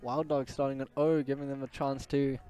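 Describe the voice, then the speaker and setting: A man giving quick, chatty color commentary at an outdoor match, out of breath. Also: mid-range voice, little pitch movement, mellow, slight background noise. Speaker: sports co-commentator. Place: outdoors at a sports field.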